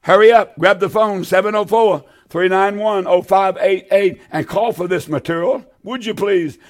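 A man's voice: sits high, normal speed. A man preaching a televised sermon, pleading fervently with his listeners and repeating his appeals over and over. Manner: fervent, pleading, repetitive exhortation.

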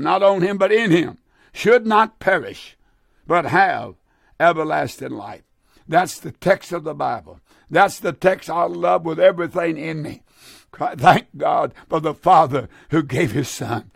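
Fervent high-voiced preacher with gravelly edge. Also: male voice, animated, no echo, studio quality. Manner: fervent, repeats phrases, drawn-out scripture reading. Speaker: preacher and radio call-in host. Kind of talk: impassioned radio sermon.

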